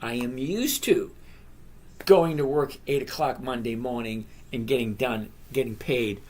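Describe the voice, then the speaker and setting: A man in his sixties hosts a casual live stream in a medium-pitched, somewhat dark voice at a measured pace. He reads viewer questions aloud and answers each person by name, rambling in a chatty way.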